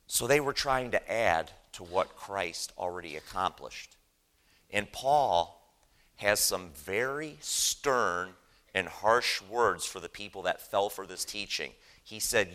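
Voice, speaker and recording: A man's voice: fairly low pitch, animated, a little slow, bright, forceful tone. A man preaching a sermon in a church, earnest and emphatic, often asking the congregation "right?". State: choked up with emotion. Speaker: lay preacher.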